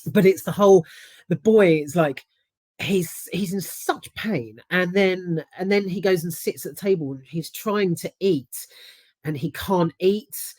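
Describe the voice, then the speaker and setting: A woman's voice: fairly low pitch, measured pace, a little mellow, no room sound. A woman giving a casual, rambling spoken film review, emphatic and swearing freely.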